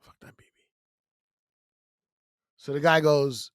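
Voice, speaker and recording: A male comedian and podcast co-host telling a story in casual chat, slangy and animated, acting out what people said. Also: medium pitch, slow pace, pauses often, clean tone, dry recording, studio quality. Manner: animated storyteller, slangy with "bro", acts out exchanges. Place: podcast studio. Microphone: studio mic.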